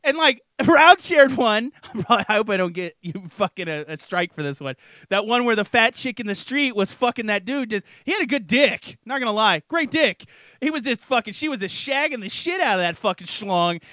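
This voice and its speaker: Bright, high-voiced profane man. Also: animated, moderate pace, no room sound. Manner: loud, profane, joking. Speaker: co-host. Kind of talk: crude late-night podcast chat.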